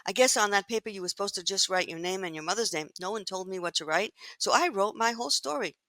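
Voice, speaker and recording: A woman in her sixties tells stories from her life as an interview guest, bright and clear in tone. She slips into the voices of the people she quotes, lively and expressive. The sound is dry and close. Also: medium pitch, fast, dry recording. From United States. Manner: animated storyteller who acts out quoted voices. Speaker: guest, longtime magazine editor. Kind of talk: storytelling in an interview.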